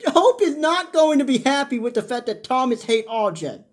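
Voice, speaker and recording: A woman's voice: high voice, animated, normal speed, few pauses. Blunt young woman ranting a TV review. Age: 20s. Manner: blunt, opinionated, rambling with restarts and laughs. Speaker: soap opera reviewer. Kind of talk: casual chat.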